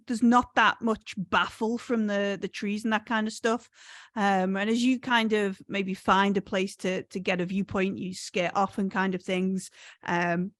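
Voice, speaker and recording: A woman's voice: mid-range voice, fairly bright tone, dry recording, clean studio sound. A woman narrating a tabletop game as game master, hesitant with many ums and restarts.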